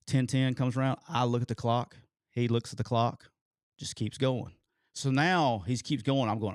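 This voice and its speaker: Animated storyteller man. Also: medium pitch, moderate pace, no room sound, studio quality. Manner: animated storyteller, swears casually. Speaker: co-host telling a coaching story. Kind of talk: casual storytelling chat.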